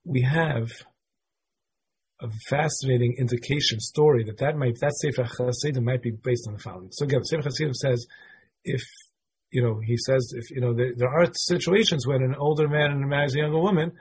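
Husky-voiced man teaching a class. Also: mid-range voice, brisk. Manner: conversational, thinking aloud. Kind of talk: casual lecture explaining religious texts.

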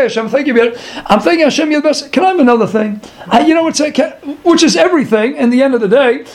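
A man teaching a Torah lecture as a rabbi. He asks rhetorical questions and acts out pleas as little dialogues. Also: extremely high pitch.

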